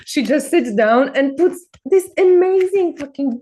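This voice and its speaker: A woman's voice: high voice, animated, unhurried, mellow. A woman chatting casually on a video call, teasing a friend, swearing freely and laughing often. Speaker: co-host.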